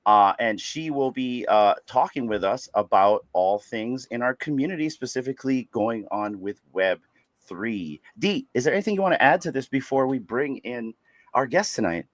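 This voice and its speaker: A man co-hosting a livestreamed podcast, hoarse from losing his voice, talking in an upbeat, loose way with casual swearing. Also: medium pitch, animated, moderate pace, no room sound. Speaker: podcast co-host.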